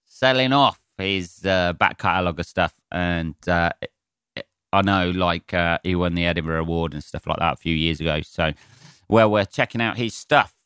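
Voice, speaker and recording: An English comedian rambles through a casual solo podcast, swearing freely and making fun of himself. His voice sits low with a fairly bright, clean tone at a moderate pace, and the recording is dry with clean studio sound.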